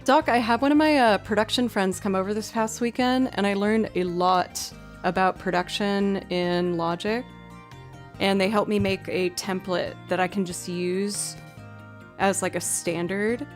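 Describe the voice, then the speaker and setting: A young woman chatting casually on her livestream, full of "like" and filler, now and then slipping into soft baby talk. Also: mid-range voice, fairly even intonation, a little slow, faint music behind. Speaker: livestreaming musician.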